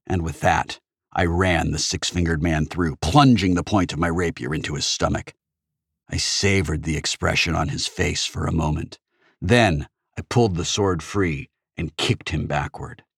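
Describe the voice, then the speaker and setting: A man narrating a first-person audiobook in steady storytelling. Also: sits low, slightly rough, no echo, clean studio sound.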